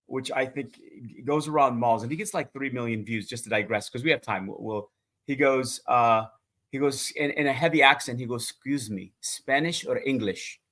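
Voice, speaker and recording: A man's voice: mid-range voice, brisk, pushed and bright. A man co-hosting a casual chat, talking in a chatty, enthusiastic way that wanders into digressions, on a video call. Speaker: co-host asking questions.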